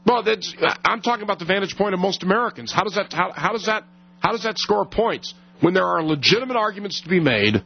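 A hoarse man hosting a radio talk show, arguing combatively with many stammered restarts and interruptions. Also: sits high, animated, quick pace. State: hoarse, losing his voice. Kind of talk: heated call-in debate. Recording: dull lo-fi radio broadcast.

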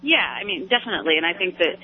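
A woman speaking as a political commentator guest on a radio talk show, rapid and full of fillers and restarts, heard over a phone line. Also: fairly low pitch, big pitch swings, slight background noise.

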